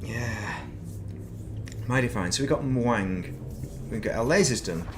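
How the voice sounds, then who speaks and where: A man's voice: medium pitch, expressive, a little slow, background noise. A man chatting casually while playing a game on stream, rambling between topics with self-deprecating asides at his desk mic. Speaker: gaming streamer.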